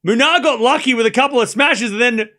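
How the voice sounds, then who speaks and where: A man calling a tennis match live for his stream, excitable and chatty, chuckling between points. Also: very high-pitched, brisk. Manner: excitable play-by-play, chatty, laughs often. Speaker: streamer host. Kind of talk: live watchalong commentary.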